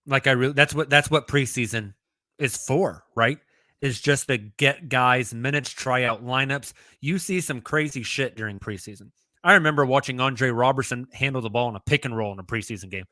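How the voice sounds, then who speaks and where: A man co-hosting a sports podcast in casual chat, thinking out loud as he goes. His voice is bright and forward. The sound is close and dry. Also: medium pitch, moderate pace, no room sound. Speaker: podcast co-host.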